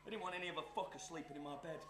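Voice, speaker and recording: A man's voice: fairly high pitch, racing, roomy sound, noisy background, close to an everyday voice. An actor playing a menacing, scheming male arsonist on stage, taunting and sneering. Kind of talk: stage play performance.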